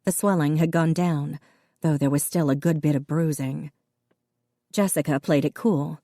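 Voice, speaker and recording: A woman narrating an audiobook in an even, measured reading. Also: low-pitched, no room sound, clean studio sound. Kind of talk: scripted narration.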